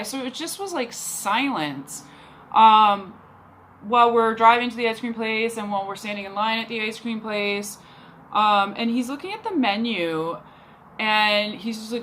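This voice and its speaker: A woman's voice: a little high, a bit bright, slight background noise. A young woman from Canada telling a dating story in a chatty, exasperated way, full of fillers. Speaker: podcast host. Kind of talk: casual storytelling monologue.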